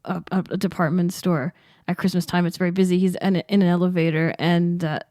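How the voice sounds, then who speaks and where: A woman's voice: lowish voice, fairly even intonation, fairly quick, warm tone, no echo, studio quality. A woman co-hosting a podcast, telling stories in casual chat and laughing often. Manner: chatty storytelling, laughs often. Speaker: podcast co-host.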